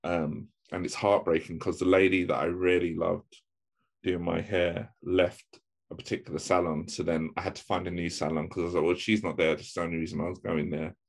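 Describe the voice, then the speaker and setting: A man telling a family story in casual chat, relaxed and full of fillers. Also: sits low, fairly quick, vocal fry.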